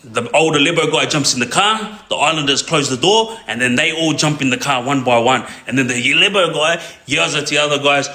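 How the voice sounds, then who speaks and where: Aussie guy rambling through a gang story, bright punchy voice, keeps going "yeah?", echoey room. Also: on the high side, fairly quick, hardly any pauses. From Australia. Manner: rambling, checks in with a constant "yeah?". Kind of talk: casual crime storytelling.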